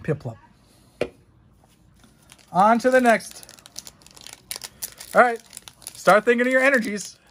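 A man's voice: very high voice, slow pace, pauses often, fairly bright tone. A young man hosting a casual card unboxing stream, rambling and joking with his chat, with plenty of swearing. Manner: rambling, jokey and profane, talking to chat. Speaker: streamer unboxing trading cards.

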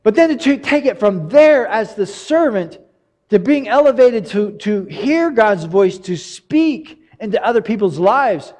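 Earnest high-voiced male pastor. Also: lively intonation, unhurried, darkish tone, long reverb tail. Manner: earnest, confessional, rambling with many restarts. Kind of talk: sermon.

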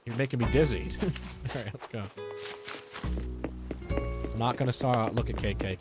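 A male streamer chatting casually and excitedly while playing a game, often swearing when surprised. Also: mid-range voice, normal speed, long pauses. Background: game music.

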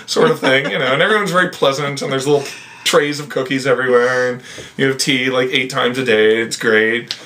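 A man's voice: medium pitch, fairly quick, fairly bright tone. A middle-aged American man chatting casually with his mother, joking and sarcastic with a rambling flow. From United States. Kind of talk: casual chat.

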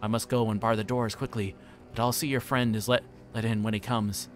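Brief: man playing a fussy, stammering middle-aged innkeeper for a storybook reading, lowish voice. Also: level tone, brisk, faint music behind, lightly acted. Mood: reassuring. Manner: flustered, stammering.

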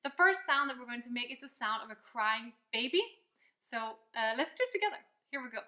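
Bright high-voiced woman teaching singing. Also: animated, a little fast. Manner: upbeat, encouraging, explains step by step. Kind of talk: vocal lesson with demonstrations. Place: loud location, not a quiet studio.

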